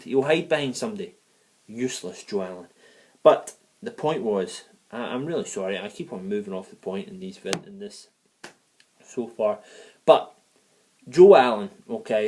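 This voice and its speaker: Medium-pitched and expressive with a darkish tone, this man talks at a moderate pace. Living in the United States, he delivers a fiery, foul-mouthed football review in a fan vlog, repeatedly straying into digressions.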